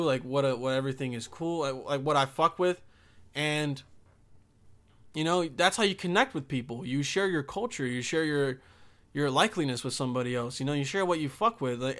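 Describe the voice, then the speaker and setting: A man's voice: fairly high pitch, bright, forceful tone. A young man from Bosnia with no accent, talking in a rambling, profane, emphatic casual monologue.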